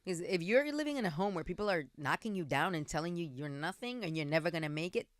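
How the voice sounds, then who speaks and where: A woman's voice: on the low side, expressive, quick pace, no echo, clean studio sound. Woman podcast host, bouncy voice, jokey and laughing, slips into spanish. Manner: playful, laughing, slangy, switches into Spanish. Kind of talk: casual chat.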